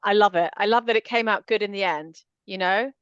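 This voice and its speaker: Brief: mid-pitched woman, warmly agreeing, dry, slightly muffled call sound. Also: brisk, clear, resonant tone, dry recording. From England. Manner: warmly agreeing, many short affirmations. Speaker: guest, transformational coach. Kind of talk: casual chat on a video call. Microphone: video call.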